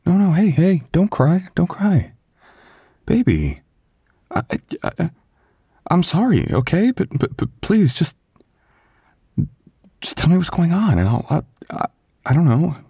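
A man's voice: deep voice, animated, a little slow, pauses often, no room sound, clean studio sound. A man voicing a loving young husband in an ASMR boyfriend role-play, stammering and soothing as he apologizes. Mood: worried.

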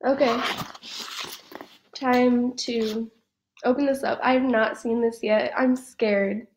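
A woman's voice: a little high, steady tone, takes it slowly, a little hiss or hum. A woman vlogging an unboxing in a casual, emphatic way, repeating herself and laughing between words. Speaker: fan fiction writer and vlogger.

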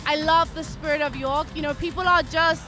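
A woman's voice: sits high, fairly even intonation, fairly quick, music in the background. A woman DJ chatting playfully in an outdoor interview beside her tour bus. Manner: playful, chatty, self-promoting. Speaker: DJ guest. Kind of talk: casual interview.

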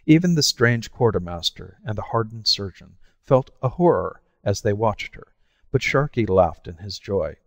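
Man reading an old pirate story aloud, low voice, steady pace, dry mic but long reverb tail. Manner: measured storytelling. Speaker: audiobook narrator. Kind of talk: scripted narration.

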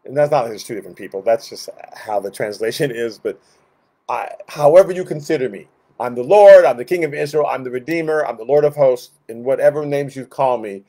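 A man leading a Bible study in a loose, conversational teaching style, animated, often restarting sentences and asking rhetorical questions. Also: mid-range voice, brisk.

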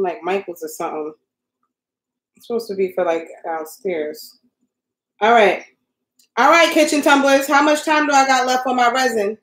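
A young woman hosting a casual live stream, flustered and joking at her own expense as she crafts and talks to viewers in her home craft room. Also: mid-range voice. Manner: joking, self-mocking. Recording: roomy echo.

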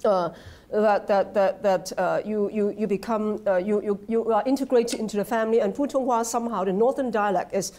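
A woman with a Hong Kong accent giving an academic lecture, halting with many fillers and restarts, often checking with the audience. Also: mid-range voice, steady tone, warm tone. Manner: conversational, asks the audience "right?". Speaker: guest lecturer. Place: lecture hall.

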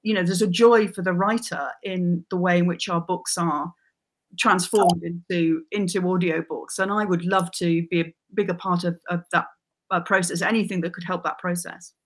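A woman's voice: lowish voice, moderate pace. Enthusiastic woman writer chatting. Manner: enthusiastic, lively storyteller. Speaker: crime writer guest. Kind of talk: casual chat.

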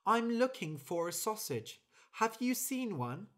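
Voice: medium pitch, big pitch swings, measured pace, fairly bright tone, pitched above the performer's own voice. A storyteller voicing a tired, hard-working female bird who complains about doing too much work. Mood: distressed. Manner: indignant, complaining.

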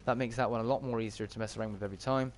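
A man's voice: mid-range voice, steady tone, very fast, a little hiss or hum. A man with a Bristolian accent giving chatty live-stream commentary while he plays and answers his chat. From Bristol, England. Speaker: game streamer.

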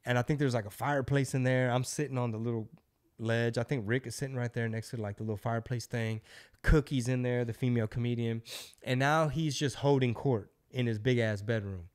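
A middle-aged man hosting a podcast and spinning a long anecdote. He talks in a loose, profane style and throws himself into the voices of the people in his story. His pitch sits at an ordinary middle range for a man. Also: brisk, smooth. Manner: loose, profane, animated storyteller who acts out quotes. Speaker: podcast host. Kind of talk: casual storytelling.

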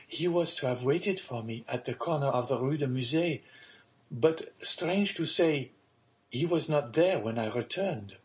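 An overjoyed young daughter, as a male audiobook reader puts her on, talking high, breathless and excited. The voice climbs well above an ordinary man's register and tumbles forward eagerly. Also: unhurried, natural voice. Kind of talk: audiobook character reading.

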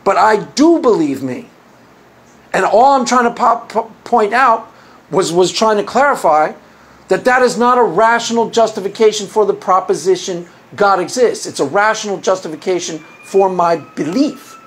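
A man's voice: sits high, animated, normal speed, a bit bright. A man hosting his own video as a Christian apologist, arguing his case in a sarcastic, combative monologue with frequent restarts. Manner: argumentative, sarcastic, mocks opponents' views; repeats and restarts phrases. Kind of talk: opinionated monologue to camera.

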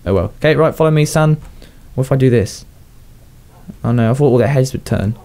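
Coughing and a bit under the weather, a young man gives relaxed game commentary for his YouTube channel in a mid-range, dark voice, a little fast. He laughs a lot and keeps talking to his pets as he plays.

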